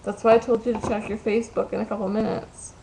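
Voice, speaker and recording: A young woman rants through a casual vlog story, her voice gravelly with fry. She talks loosely, filling her sentences with likes and ums. A faint hiss sits under the recording. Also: mid-range voice, flat delivery, fast talker, dark tone, poor audio. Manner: chatty, ranting, many likes and ums.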